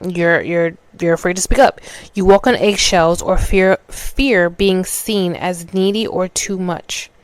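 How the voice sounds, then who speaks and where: Here a New York podcast host talks through a personal story, loose and conversational, acting out what others said and restarting sentences as she goes. Her voice is lowish and smooth, with fairly even intonation and a measured pace, in a dry recording.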